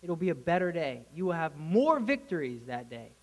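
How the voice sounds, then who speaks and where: A man preaching a casual, conversational sermon to a congregation, bursting into excited shouts. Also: a little high, normal speed, rough recording.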